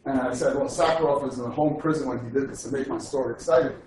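A man's voice: medium pitch, racing, a little mellow. A man, a physics professor, giving an informal lecture in a digressive, joking way and often checking in with "okay?". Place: lecture hall. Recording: echoey lecture hall from far off with faint noise.

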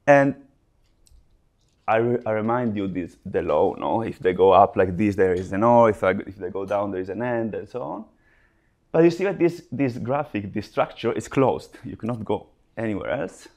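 Man, lecturer, fairly low voice, halting delivery, restarts phrases, step-by-step explaining. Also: darkish tone. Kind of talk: live lecture.

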